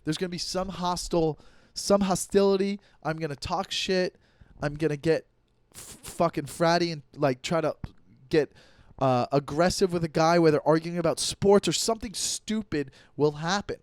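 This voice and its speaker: Thirtysomething guy ranting on his podcast, swears a lot, clear voice, super dry close mic. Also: a little high, moderate pace, no room sound. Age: 30s. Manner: rambling, profane, with many restarts and fillers. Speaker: comedian podcast host. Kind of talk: casual comedic monologue.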